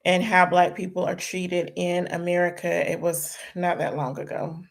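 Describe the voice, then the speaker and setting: A woman's voice: fairly low pitch, flat delivery, normal speed, creaky. A young woman, hosting a casual live-stream chat, chatty and prayerful, her voice sounding tired. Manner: chatty, prayerful, talks to viewers as y'all. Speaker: host.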